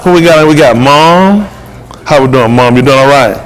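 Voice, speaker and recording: A man's voice: fairly high pitch, normal speed. An older man filming at a wedding with a handheld phone, teasing the guests and chatting with them in playful, casual banter. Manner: playful, teasing, Southern Black vernacular speech. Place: wedding venue, indoors among guests.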